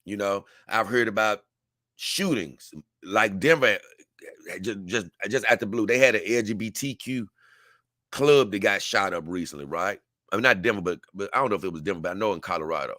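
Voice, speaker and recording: A man's voice: on the low side, fairly quick, pushed and bright, no echo, clean studio sound. A man, talking casually to camera and telling a story earnestly, rambling with many restarts. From Memphis, Tennessee. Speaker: vlogger.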